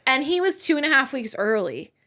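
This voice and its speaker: A woman's voice: high-pitched, brisk. Blunt, swearing young woman telling a story. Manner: blunt, swears freely, animated storytelling with laughs. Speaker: podcast co-host. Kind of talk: casual chat.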